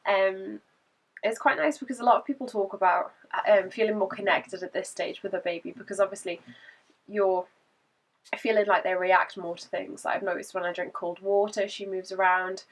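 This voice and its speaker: A woman talks through a casual vlog update, her voice croaky from a cold. She is chatty and laughs between points. She sits a little back from the microphone, so her voice sounds slightly distant. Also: medium pitch, fairly even intonation, normal speed. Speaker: vlogger.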